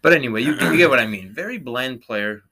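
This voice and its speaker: A man's voice: medium pitch, animated, pushed and bright. A man co-hosting a sports betting talk show, joking and playful as he runs through tennis odds. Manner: jokey, playful, quick asides. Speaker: sports betting podcast co-host. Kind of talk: casual banter about tennis odds.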